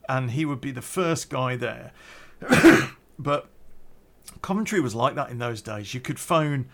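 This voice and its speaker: A middle-aged man tells a personal story in a loose, unscripted way. He rambles, hesitates and circles back over his words, leaning on fillers as he goes. His voice sits at an ordinary, mid-range pitch for a man. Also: animated, unhurried, fairly bright tone. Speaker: podcast storyteller. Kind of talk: casual spoken storytelling.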